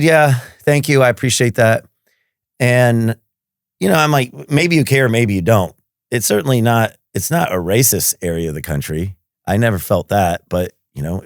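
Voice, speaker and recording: A middle-aged man with a fairly low voice tells stories in a relaxed interview chat. He acts out both sides of conversations and laughs easily. The sound is close and dry, with no room echo. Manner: lively storyteller who acts out dialogue and laughs often. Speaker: surgeon guest. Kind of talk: casual anecdotal storytelling.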